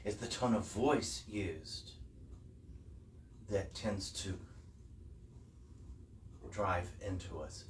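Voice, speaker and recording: A man preaching a sermon as the minister of a church service, slow and reflective, rising to emphatic peaks. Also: deep voice, a little hiss or hum. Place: church hall. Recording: echoey hall, voice from far off, faint ambience.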